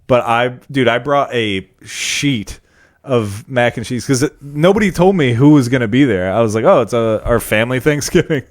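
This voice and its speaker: A man's voice: mid-range voice, expressive, moderate pace. A young man, a comedian, co-hosting a casual podcast chat, rambling through stories and swearing freely.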